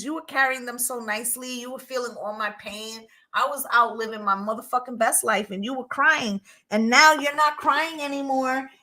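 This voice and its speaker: A woman's voice: high voice, pushed and bright. A woman playing a whiny, pleading ex-lover. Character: self-pitying ex-partner begging to come back.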